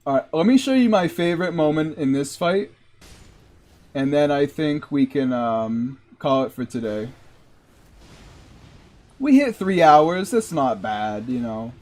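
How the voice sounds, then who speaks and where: A man's voice: fairly high pitch, animated, unhurried, long pauses, darkish tone. A man streaming a game, chatting casually and rambling with lots of "like". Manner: rambling, heavy use of "like". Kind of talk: casual live-stream commentary.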